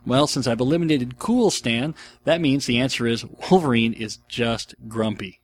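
A middle-aged man hosting a podcast, answering listener questions in a rambling, jokey, animated way. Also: medium pitch, normal speed. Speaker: podcast host.

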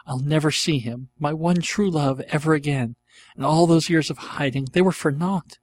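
Man voicing a tearful lovestruck teen girl for a fan fiction reading; shrill, cracking, pitched way up. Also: normal speed, a little mellow, no echo, natural voice. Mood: wistful.

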